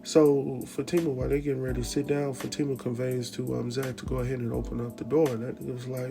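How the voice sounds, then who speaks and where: A man hosting a casual TV episode recap, talking in an animated, slangy way. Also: mid-range voice, quick pace, creaky, few pauses. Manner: animated, slangy, laughs often, jumps into quoted voices. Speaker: recap host. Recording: music bed behind voice.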